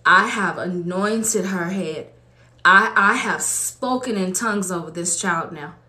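A woman's voice: fairly low pitch, a little slow, pushed and bright. A woman preacher from Los Angeles giving a fervent, conversational testimony sermon to her congregation in a church. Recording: echoey room.

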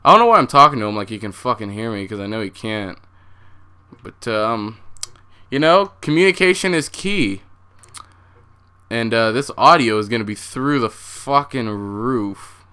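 A man's voice: medium pitch, expressive, normal speed, bright, forceful tone, clear, resonant tone. A young man hosting a horror game playthrough, jumpy and swearing a lot as he talks to his viewers. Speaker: gaming channel host.

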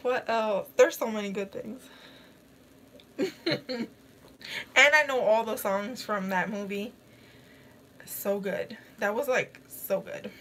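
A woman's voice: medium pitch, slow pace, pauses often, fairly bright tone, slight background noise. A young woman vlogging casually in a face mask, giggling often as she reacts to a movie and to comments from her chat. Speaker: beauty vlogger.

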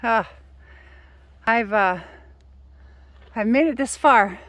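A woman's voice: slow pace, no echo. A woman talking casually to her phone camera outdoors while hiking uphill, out of breath and rambling. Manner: rambling, calls her dog in high shouts. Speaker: vlogger. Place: outdoors on a hill trail.

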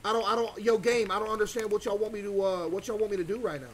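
A man streaming a horror game, excitable and stammering as he talks to his chat. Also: sits high, fast talker, slight background noise. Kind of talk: live horror gameplay commentary.

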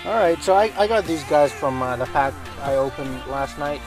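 A man commentating his own football video game, excitable and swearing often, shouting at plays. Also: fairly high pitch, normal speed, over music, low-quality recording. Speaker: gaming channel host.

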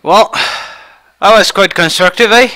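A man giving frustrated live commentary over a car game, shouting outbursts and then muttering to himself. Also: high voice, slow pace. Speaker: gaming video creator.

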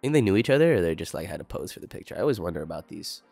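Low-ish guy in his 20s on stream, super animated, cussing, chill, bit of music playing behind. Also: very fast, gravelly. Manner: laid-back, swears a lot, reacts to chat. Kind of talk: casual livestream chat.

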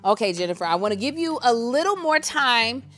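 A woman hosting a casual crafting and cocktails chat, teasing her guest and breaking into loud laughing outbursts. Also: very animated, a little fast, noisy background. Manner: playful, teasing, bursts into high laughing outbursts. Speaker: host.

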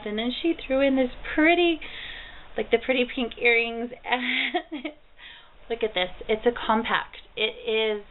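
Bubbly woman gushing over gifts. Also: fairly high pitch. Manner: gushing, bubbly, easily delighted. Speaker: vlogger. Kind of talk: casual mail haul vlog. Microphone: built-in camera mic. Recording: tinny lo-fi camera audio with faint hiss.

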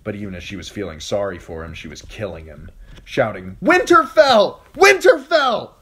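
A man reading a fantasy novel aloud as an audiobook narrator, steady storytelling with occasional slips. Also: sits low, brisk, husky. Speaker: audiobook reader. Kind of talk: scripted narration.

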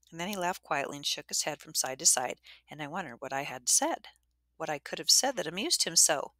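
A woman narrating a storybook in the first person, gentle and measured, whispering the soft sound words. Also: sits low, very animated, no echo. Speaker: audiobook narrator.

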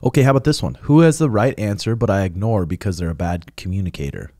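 A man hosting a casual podcast chat, asking questions in a jokey, animated way. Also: lowish voice, quick pace, dry recording, clean studio sound. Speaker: podcast host.

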